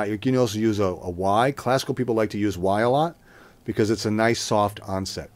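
A man teaching singing, explaining warm-ups in a plain, conversational way and breaking into sung scale demonstrations. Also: lowish voice, a little fast, no room sound. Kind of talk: vocal lesson with sung demonstrations.

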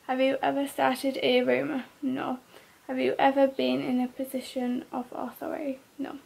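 A young woman vlogging, reading out quick questions and giving terse, offhand one-word answers. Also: high voice, monotone, vocal fry, a little mellow, husky. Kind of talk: casual question-and-answer vlog.

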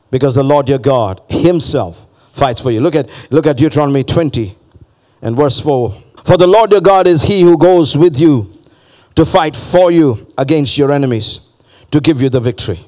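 A man's voice: fairly high pitch, a little mellow. A male pastor preaching a fervent sermon, repeating phrases and calling on the congregation to respond.

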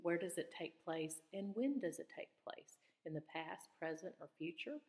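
A woman's voice: lowish voice, expressive, normal speed, a little mellow. A woman teacher reads a children's storybook aloud and stops to ask her students questions about the story. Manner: asks questions to check students' understanding. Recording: echoey room with long reverb.

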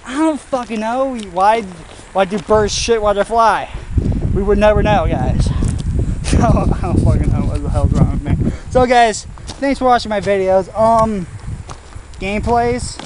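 A man's voice: high voice, normal speed, very noisy. A young man from Wisconsin, rambling casually and profanely in a self-mocking vlog. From Wisconsin, United States. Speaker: vlogger.

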